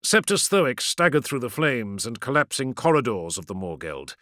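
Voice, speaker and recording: A man's voice: medium pitch, big pitch swings, moderate pace, pushed and bright, no echo, clean studio sound. A man reading a science fiction audiobook in a dramatic, vivid narration style.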